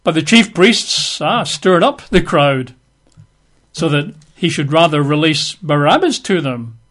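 A man's voice: on the high side, expressive, measured pace, a bit bright. A male preacher teaching through a Bible passage in a conversational sermon, explaining it with casual asides.

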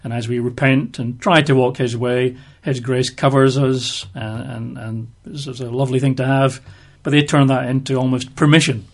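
A man's voice: medium pitch, level tone, moderate pace, few pauses. A man giving conversational Bible teaching, explaining verses with everyday examples.

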